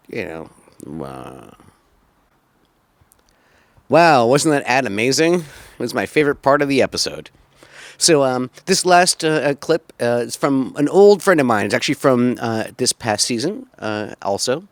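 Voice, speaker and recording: A man's voice: medium pitch, no echo. A man hosting a podcast in loose, rambling casual chat, laughing often and full of fillers. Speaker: podcast host.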